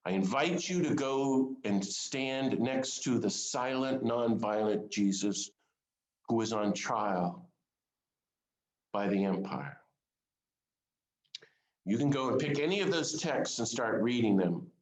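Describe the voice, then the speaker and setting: A man's voice: medium pitch, expressive, slow pace, long pauses. Earnest preaching man in a roomy space. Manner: earnest and conversational, asks the listeners direct questions. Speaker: speaker of a Lenten series. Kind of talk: informal sermon to a small group.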